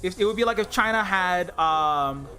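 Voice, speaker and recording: Male streamer, high and tense delivery, angry cursing rant full of stammered restarts. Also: animated, moderate pace, sharp tone. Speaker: indie game developer streaming live. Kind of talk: heated political rant on a livestream.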